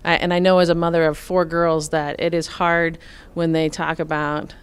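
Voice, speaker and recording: A middle-aged woman from Nebraska answering interview questions about farm finances in a measured, explanatory way, with frequent fillers. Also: low-pitched, flat delivery, clean tone. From Nebraska, USA. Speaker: farm finance expert, guest.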